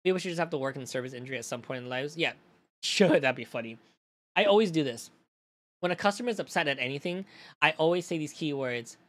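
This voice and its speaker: Young guy streamer ranting to chat, pitch all over the place, cusses a lot. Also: fast. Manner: animated storytelling, swears freely, talks to chat.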